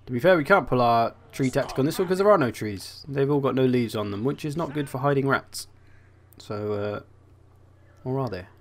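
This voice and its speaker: A man's voice: medium pitch, fairly quick, a little hiss or hum. A young man giving casual, wry commentary as he plays a strategy game, thinking aloud as he goes. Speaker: gaming channel host.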